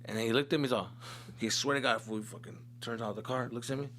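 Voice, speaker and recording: A man's voice: medium pitch, steady tone, fast, a bit bright, slight background noise. A man from Tucson, Arizona, hosting a podcast and telling a comic story in a casual, swearing, slangy way with Spanish mixed in. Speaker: comedian host.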